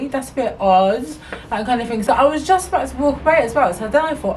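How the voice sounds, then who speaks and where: A woman telling a storytime vlog in a chatty, indignant, animated way. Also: high-pitched, quick pace, faint music behind. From England. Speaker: vlogger. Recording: slightly distant mic, faint noise.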